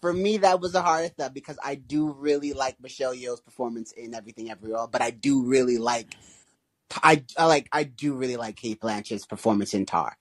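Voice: medium pitch, brisk. A podcast co-host in casual chat who sounds hesitant and agreeable and restarts sentences often.

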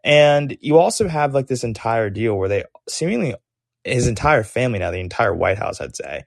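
A young man hosting a podcast, giving opinionated political commentary in a sarcastic, animated way, full of "like" and "um". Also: mid-range voice, moderate pace, gravelly, no echo, studio quality. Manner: animated, sarcastic, heavy use of "like" and "um". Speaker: podcast host.

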